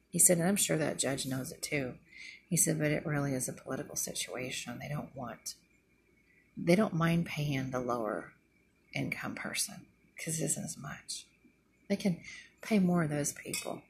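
A woman's voice: sits low, gravelly, a little hiss or hum. A middle-aged woman, a former nurse, venting indignantly in a casual monologue and retelling conversations. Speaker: retired nurse vlogger.

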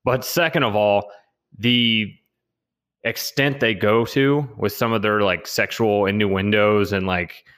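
A man co-hosting a podcast, quick and teasing as he recounts a story. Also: fairly low pitch, steady tone, a bit bright, clear, resonant tone. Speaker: podcast co-host. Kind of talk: casual chat.

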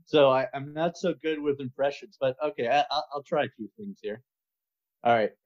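A man's voice: mid-range voice, moderate pace. A man being interviewed as a podcast guest in casual chat, talking hesitantly with plenty of fillers. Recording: muffled lo-fi audio.

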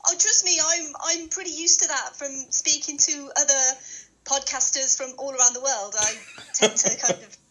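A woman's voice: sits high, steady tone, moderate pace, pushed and bright, a little hiss or hum, low-quality recording. A woman from England with a London accent, a podcast guest who giggles often and hesitates with fillers. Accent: British, London. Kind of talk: casual podcast chat.

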